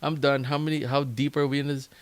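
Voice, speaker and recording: A man's voice: mid-range voice, level tone, fast, no room sound. Worn-out rambling podcast host, man. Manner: rambling, filler-heavy and self-mocking. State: worn-out voice after a long recording. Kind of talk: casual solo podcast sign-off.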